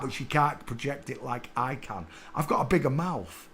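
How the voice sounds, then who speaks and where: A man hosting a live stream, rambling through a monologue and now and then bursting into excited shouts. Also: medium pitch, normal speed. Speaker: livestream host.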